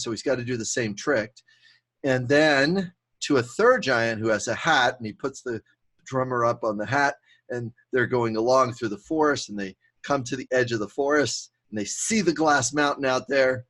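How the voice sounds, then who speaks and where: A man hosting a podcast, telling a fable in an animated way and chuckling at his own tale. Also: medium pitch. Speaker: podcast host. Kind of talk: storytelling, conversational.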